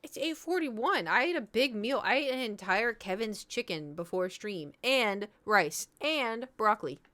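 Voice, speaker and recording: A woman's voice: mid-range voice, animated, unhurried, bright, forceful tone. A woman in her thirties, chatting casually to her live stream audience and rambling through stories with frequent laughs. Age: 30s.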